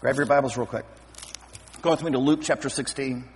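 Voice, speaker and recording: Husky man preaching in an echoey hall. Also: mid-range voice, fairly quick. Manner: animated, acts out scripture scenes with voices. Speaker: pastor. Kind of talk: sermon. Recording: long hall reverb.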